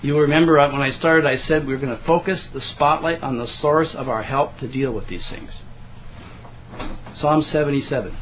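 A man's voice: mid-range voice, steady tone, a little hiss or hum. Folksy man preaching in a lo-fi recording. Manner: folksy, repeats and restarts words, reads scripture slowly, clears throat often. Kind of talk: conversational sermon.

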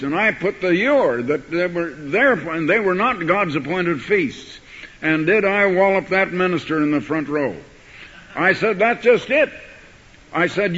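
A man preaching a sermon, telling a story and reading scripture, building to forceful emphasis on key words. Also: sits high, animated, measured pace. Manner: rising to forceful emphasis when quoting scripture. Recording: dull archival recording in a hall.

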